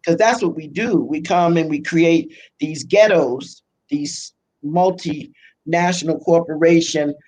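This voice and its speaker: An older woman with a Brooklyn accent, chatting as an interview guest, self-deprecating and quick to laugh. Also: sits low, a little mellow, rough recording. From Brooklyn, United States. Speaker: pastor and biblical scholar, guest. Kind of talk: casual conversational interview.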